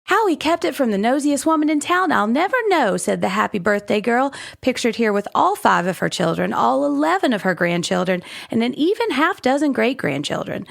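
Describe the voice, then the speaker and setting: Brief: woman putting on a chirpy Texan society columnist, raised pitch, gravelly edge. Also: very animated, a little fast, few pauses, exaggerated voice. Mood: folksy. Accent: light put-on Texan. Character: folksy Texan small-town gossip columnist woman. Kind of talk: reading a newspaper column aloud.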